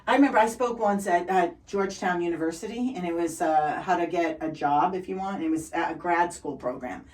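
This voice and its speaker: A middle-aged woman from Boston with a Boston accent, telling upbeat stories as a guest in a conversation. She sounds energetic and relentlessly positive. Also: on the low side, brisk, far from the mic, rough recording.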